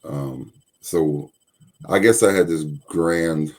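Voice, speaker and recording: A man co-hosting a faith podcast, speaking slowly and haltingly, with many pauses and restarts. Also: sits low. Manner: hesitant, many ums and restarts. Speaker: podcast co-host. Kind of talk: faith-based podcast talk.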